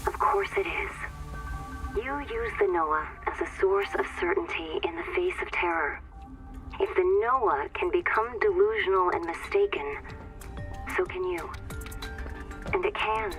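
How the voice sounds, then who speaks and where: An actress playing a chaplain psychiatrist who questions in a calm, probing, quietly unsettling way in a game cutscene. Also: female voice, on the low side, a little slow, long pauses, faint music behind.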